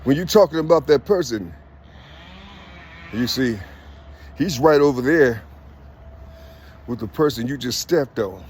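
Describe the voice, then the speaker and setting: A man's voice: mid-range voice, lively intonation, unhurried, long pauses, darkish tone, husky. A man giving a loose spiritual monologue, preachy and slangy, with "you see" in nearly every line.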